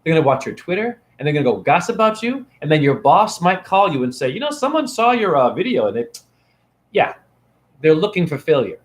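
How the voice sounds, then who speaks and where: A man ranting to camera in a rambling vlog monologue, swinging between loud outbursts and hushed asides. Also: fairly high pitch, big pitch swings, a little fast. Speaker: vlogger and spiritual teacher.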